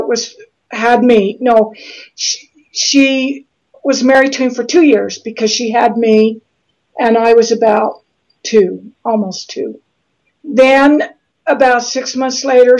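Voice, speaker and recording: A middle-aged woman from Utah, speaking earnestly and haltingly as an author in an interview, often restarting her sentences. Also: a little high, darkish tone. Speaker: guest author. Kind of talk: interview conversation. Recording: slightly dull lo-fi audio.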